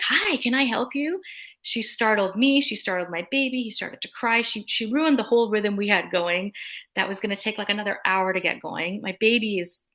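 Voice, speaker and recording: A woman's voice: mid-range voice, fairly bright tone. A middle-aged woman speaking on a conference panel, earnest and emphatic, with frequent ums.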